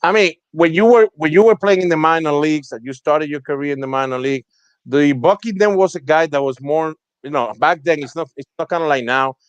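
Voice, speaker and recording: A male host with a fairly high voice asks long, meandering questions in a relaxed chat. His voice sounds dry and close, with no room echo. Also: brisk, clean tone, highs cut off. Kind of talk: casual interview.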